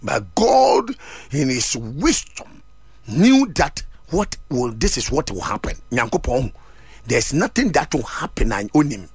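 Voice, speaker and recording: A man preaching a sermon, switching between Twi and English and rising to shouts. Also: mid-range voice, very animated, unhurried, husky, no echo. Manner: fervent, mixing Twi and English, shouting at peaks.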